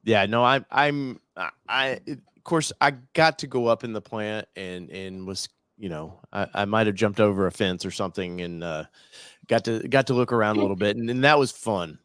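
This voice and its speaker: A man hosting a live talk show, chatting casually in a rambling, excitable way with frequent restarts. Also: lowish voice, moderate pace, clean tone, no room sound. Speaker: show host. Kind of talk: casual chat.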